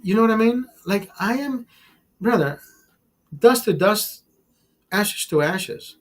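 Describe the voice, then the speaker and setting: A man's voice: high-pitched, lively intonation, slow pace. A man hosting a casual livestream, ranting emphatically with a lot of swearing, often calling his listeners brother and repeating words as he goes. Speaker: livestream host.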